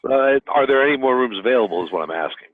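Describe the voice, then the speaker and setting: A man's voice: mid-range voice, animated, very fast, no room sound. A man playing a tabletop role-playing game, hesitating and fumbling for words as he sorts out his character's plans. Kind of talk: casual in-character play. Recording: tinny phone-like line.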